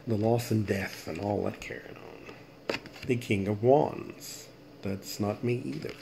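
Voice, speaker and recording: Speaking slowly in a low, creaky, warm voice, this channel host runs a relaxed late-night tarot reading vlog, with a little hiss or hum in the audio. He rambles and chats while thinking out loud, sleepy and holding back yawns.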